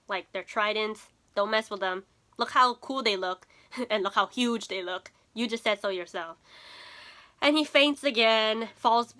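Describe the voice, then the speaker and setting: Bright-voiced chatty young woman. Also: on the high side. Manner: chatty, laughing, lots of fillers. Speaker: anime reaction vlogger. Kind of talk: casual recap commentary.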